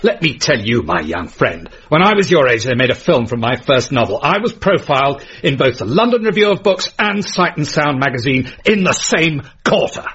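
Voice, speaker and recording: A man's voice: mid-range voice, sing-song, moderate pace, hardly any pauses, fairly bright tone, slightly rough, dull audio, full character voice. An actor playing a grumpy, pompous middle-aged male writer who talks in a pedantic, sardonic way, in radio comedy acting. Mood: lecturing.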